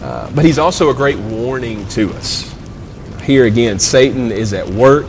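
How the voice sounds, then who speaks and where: A middle-pitched man delivers a sermon in an earnest, conversational way, stumbling and repeating words as he works through his point. His voice rings with the long reverb of a large hall. A faint low rumble sits underneath. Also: unhurried. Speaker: pastor.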